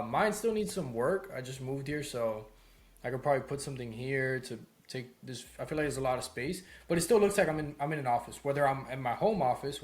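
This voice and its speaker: A young man talks straight to camera from his home office, coaching beginners on sales calls. His delivery is loose and conversational, full of fillers and quick check-ins with the viewer, at an ordinary mid pitch. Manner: loose, conversational, heavy on "like" and "right?". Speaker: sales course instructor. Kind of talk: casual talking-head lesson.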